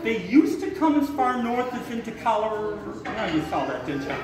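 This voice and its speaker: A man giving a live talk as a raptor handler to an audience, an animated storyteller who acts out the voices and shouts in his story. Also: high-pitched, normal speed. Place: hotel event room with an audience. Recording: echoey hall, far from the mic, crowd audible.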